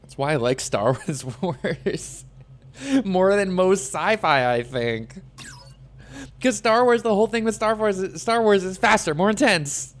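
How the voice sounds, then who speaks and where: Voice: mid-range voice, animated, measured pace. A streamer giving chatty, sarcastic commentary while playing a game. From New Jersey. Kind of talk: casual gameplay commentary.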